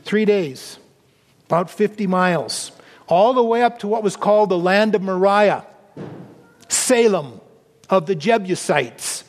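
A man preaching a sermon as pastor, earnest, dropping low and soft for emphasis. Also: unhurried, pauses often, in a large hall.

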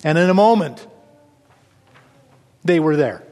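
A man preaching a sermon, swinging between raised exclamations and hushed, low passages. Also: expressive, slow pace, long reverb tail. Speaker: pastor.

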